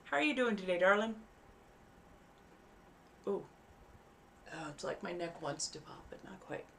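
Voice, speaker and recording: A woman's voice: lowish voice, animated, a little slow, creaky, a bit bright, slight background noise. A woman hosting a live stream in casual chat, rambling easily and enunciating carefully around costume fangs. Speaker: livestream host.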